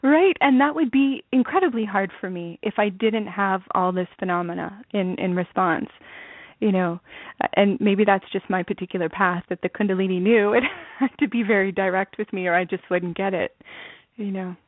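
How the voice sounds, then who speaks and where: Woman, student guest, earnest, quick to laugh, mid-pitched, tinny phone line. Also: no echo. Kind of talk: interview over the phone.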